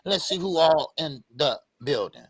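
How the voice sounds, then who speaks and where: A man's voice: fairly high pitch, lively intonation, unhurried, slightly rough, dry recording. A man co-hosting a casual boxing talk stream, greeting viewers by name with upbeat energy. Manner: hypes up, shouts out viewers by name. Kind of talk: casual live-stream chat.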